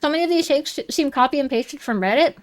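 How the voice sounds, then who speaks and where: A woman streamer chatting casually and reading viewer comments, rambling and animated, quick to get worked up. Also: high-pitched.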